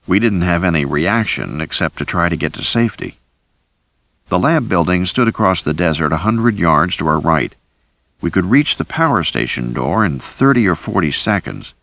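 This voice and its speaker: Deep-voiced man narrating a thriller. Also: normal speed, creaky. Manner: deep, steady, lively delivery. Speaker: audiobook narrator. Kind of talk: scripted first-person narration.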